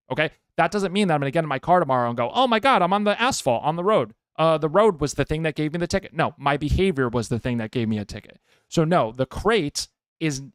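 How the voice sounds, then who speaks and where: This dog trainer hosts a podcast in a dry, studio-quality recording, his mid-range voice clear and resonant. His advice is casual but emphatic, and he keeps checking in with his audience with an "okay?"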